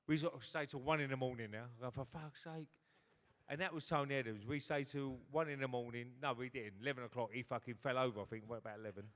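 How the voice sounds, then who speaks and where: A man's voice: medium pitch, steady tone, fast talker, hardly any pauses, fairly bright tone. A man, telling a swearing anecdote on stage in a hotel ballroom and acting out other people's lines. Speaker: guest former footballer. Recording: long reverb of a big hall.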